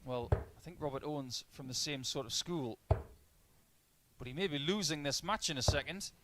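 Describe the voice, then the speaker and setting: A man's voice: a little high, moderate pace. A man giving live darts commentary, breaking down averages, doubles and shot choices as play unfolds. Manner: analytical, stat-heavy play-by-play. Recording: noisy line with clicks.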